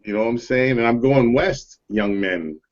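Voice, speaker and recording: A man's voice: mid-range voice, moderate pace. Chatty New York man saying "bro". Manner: loose, repetitive, says "bro" a lot. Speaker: collector on a group video chat. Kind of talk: casual chat. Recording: dull lo-fi web call audio.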